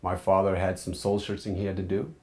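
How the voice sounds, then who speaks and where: Deep-voiced man telling his story. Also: level tone, brisk. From United States. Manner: earnest, candid, drops into soft low asides. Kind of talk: reflective personal storytelling.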